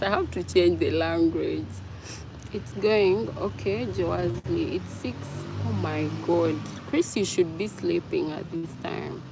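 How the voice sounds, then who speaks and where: A woman's voice: lowish voice, background noise. A woman hosting a casual livestream, chatting with viewers and reading their comments aloud. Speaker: livestream host.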